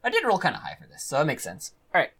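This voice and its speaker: A man narrating as game master of a tabletop game, animated and laughing as he describes the action. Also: on the high side, rapid-fire, vocal fry, slightly rough.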